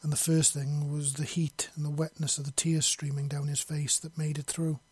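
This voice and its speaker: A man narrating a fantasy story in a steady, measured read. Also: a little high, breathy edge, no echo.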